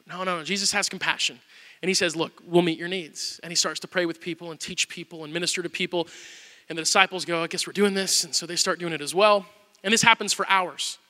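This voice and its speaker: A male pastor preaching a sermon, telling the story with animated storytelling and acting out the quotes. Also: high voice, fast, long reverb tail.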